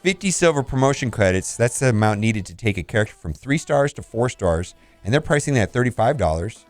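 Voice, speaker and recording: Blunt, animated male game reviewer. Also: medium pitch, a little fast, dry recording, soft background music. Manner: blunt, animated verdicts with laughs. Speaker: game channel host reviewing store offers. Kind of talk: casual commentary.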